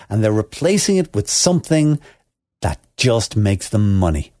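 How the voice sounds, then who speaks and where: A man's voice: fairly low pitch, big pitch swings, normal speed, darkish tone. A man co-hosting a chat show, ranting in an exasperated, sarcastic way and often asking "all right?". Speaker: co-host.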